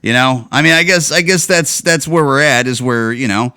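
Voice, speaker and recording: A man's voice: normal speed, clear, resonant tone. Profane, ranting male podcast host. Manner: swings to loud, high-pitched outbursts when worked up. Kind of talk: casual solo podcast rant.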